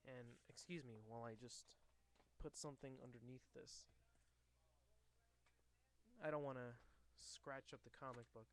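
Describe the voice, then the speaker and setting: A man's voice: mid-range voice, fairly even intonation, measured pace, long pauses, slight background noise. A man casually reading a comic book aloud to a camera, hesitant with many fillers and restarts.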